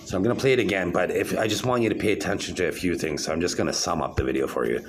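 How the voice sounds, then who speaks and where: A very deep-voiced man vlogging from his own space, his words coming in fits and starts with lots of uh's and doubled-back phrases. He sounds aggrieved and keeps circling back to his point. A faint hiss sits under the voice. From Canada. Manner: aggrieved, halting, many fillers and restarts. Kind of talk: rambling monologue to camera.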